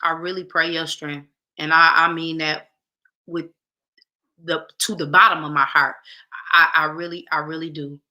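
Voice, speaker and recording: A woman's voice: low voice, flat delivery, normal speed, sharp tone. A woman hosting a casual talk show, speaking emphatically straight to her viewers and repeating phrases for weight. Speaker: show host.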